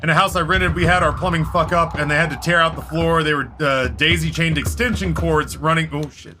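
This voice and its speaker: A Canadian man streams a game, his fairly high voice moving at a fairly quick clip as he tells rambling, casual stories full of swearing and animated quoted voices. Faint music plays behind him.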